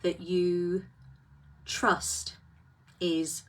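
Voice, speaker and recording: A woman's voice: on the low side, level tone, very slow, a bit bright. A woman hosting a casual live talk, reflective and full of rhetorical questions.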